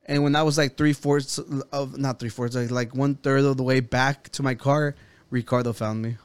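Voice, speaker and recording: A man's voice: medium pitch, steady tone, moderate pace, clear, resonant tone, dry recording. A man, a podcast co-host, telling a long story in casual chat, rambling, swearing and quoting himself and others.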